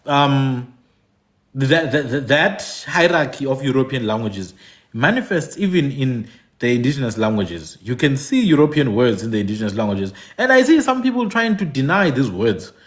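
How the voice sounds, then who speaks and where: A man's voice: mid-range voice, expressive, moderate pace. A man from Africa, giving emphatic commentary, repeating his points and asking "hmm?". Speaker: podcast host. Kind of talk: animated commentary.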